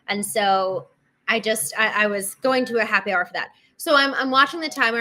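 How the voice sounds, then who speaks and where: A woman with a medium-pitched, pushed and bright voice hosts a solo talk show. She speaks earnestly and conversationally, often turning to address her listeners directly, with many restarts and asides to them.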